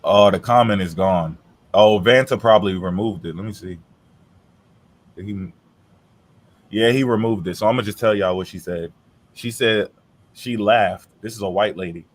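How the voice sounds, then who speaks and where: A man's voice: fairly low pitch, moderate pace, long pauses. A man hosting a casual streamed chat, talking in a blunt, profane and heated way.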